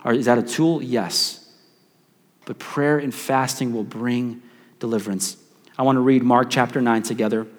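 A man's voice: mid-range voice, steady tone, moderate pace. A male pastor preaching a sermon, telling a story with playful asides and frequent restarts. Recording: long hall reverb.

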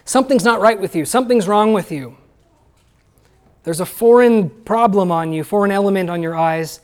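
A man's voice: high-pitched, moderate pace. A man preaching a sermon to his congregation, talking plainly and asking the listeners questions. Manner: conversational, asks the listeners questions. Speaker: pastor.

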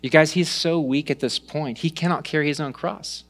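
A man preaching a sermon, retelling stories with lively rises and hushed drops. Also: on the high side, moderate pace. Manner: animated storytelling, dropping to hushed tones. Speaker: pastor.

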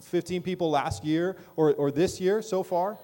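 A man's voice: high-pitched, moderate pace, warm tone, faint music behind. A middle-aged man preaching a sermon as pastor in a church, talking conversationally and often checking in with the congregation. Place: church sanctuary.

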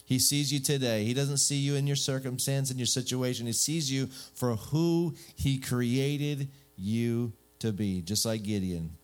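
A male pastor preaching a sermon in a lively, joking way, full of rhetorical questions. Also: mid-range voice, measured pace, few pauses.

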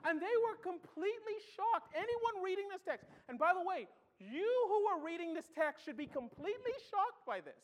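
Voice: very high-pitched, sing-song, normal speed, few pauses. A preacher delivering a sermon with impassioned energy and emphatic rhetorical questions. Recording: long hall reverb.

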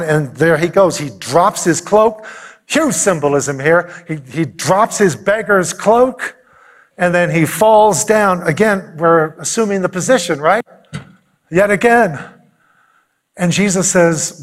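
A man's voice: high-pitched, measured pace. A male pastor delivering a sermon, telling a story with animation and acting out the quotes.

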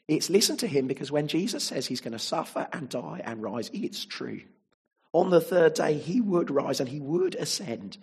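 A man's voice: mid-range voice, vocal fry, breathy edge. A man preaching a sermon, emphatic and fond of rhetorical tag questions.

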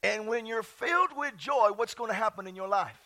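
A high-voiced male pastor preaching with exuberant energy, his pitch leaping all over as he whoops and shouts out scripture. His tone is bright and forceful, and he laughs at his own jokes from the pulpit. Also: lively intonation, moderate pace. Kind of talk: lively sermon. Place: church.

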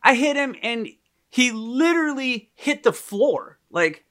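A man in casual podcast conversation, telling an animated, rambling story with lots of restarts. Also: very high-pitched, measured pace.

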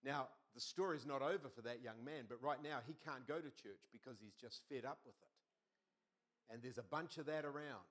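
A middle-aged man preaching a sermon as pastor, telling stories with lively quoted voices. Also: medium pitch, normal speed. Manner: animated storytelling with quoted voices.

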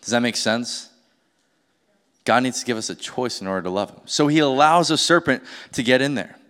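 A man's voice: medium pitch, fairly quick, a bit bright. Conversational male pastor in a reverberant hall. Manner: conversational, asks rhetorical questions. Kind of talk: sermon.

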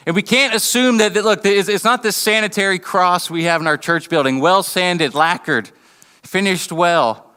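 A man preaching a sermon, earnest and halting, often restarting his words and briefly acting out mocking voices. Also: high voice, sharp tone, clean tone, in a large hall. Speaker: pastor. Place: church building.

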